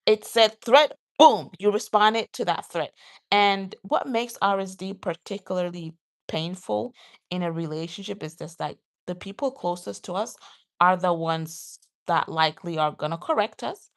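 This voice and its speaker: A woman vlogger talking casually to her viewers, getting animated and jumping high when she acts out her own outbursts. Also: moderate pace. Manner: says "y'all" and "you guys". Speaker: vlogger host. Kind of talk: casual talk to camera.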